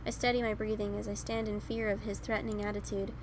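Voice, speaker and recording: A woman's voice: mid-range voice, flat delivery, quick pace, background noise. A woman reading a visual novel aloud in the first person, now and then correcting herself, with game music behind. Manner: first-person narration, occasional self-corrections. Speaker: game let's player.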